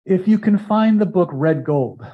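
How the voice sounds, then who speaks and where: An older man teaching a live self-help seminar, speaking emphatically and building phrases up loud before dropping to a hush. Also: sits high, animated, a little slow, narrow, tinny audio. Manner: emphatic, builds repeated phrases to loud peaks then drops quiet. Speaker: hypnosis and self-help trainer. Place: seminar room with audience.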